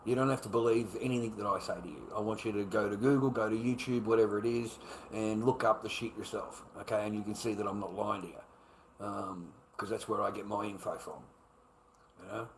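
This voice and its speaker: A middle-aged Australian man with a lowish voice and fairly even intonation talks briskly and bluntly on his own rambling, casual livestream. He swears often, repeats himself and calls the viewer mate, with slight background noise behind him.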